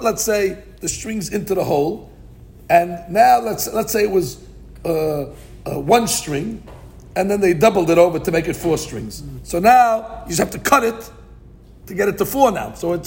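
A man leads a daily Talmud class, reading the Aramaic text aloud and explaining it in English. His voice sits high and carries a gravelly edge. He keeps things animated by asking his own questions and then answering them. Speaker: Talmud teacher. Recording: podcast recording of a live class.

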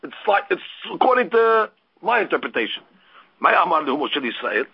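A man giving a Talmud study lecture, reading Aramaic lines and explaining them in English with animated storytelling and frequent restarts. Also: a little high, brisk, creaky, slightly rough, lo-fi sound. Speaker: Talmud teacher.

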